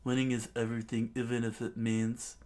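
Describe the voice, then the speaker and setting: A man voicing a ruthless, boastful male pirate captain who makes loud, domineering threats. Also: medium pitch, completely flat delivery, a little fast, voice pushed up, close to an everyday voice.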